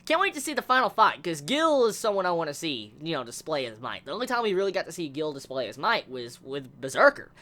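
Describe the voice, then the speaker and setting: A young man excitedly reviewing an anime episode in casual talk, swearing often and stumbling over repeated words. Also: on the high side, quick pace, hardly any pauses.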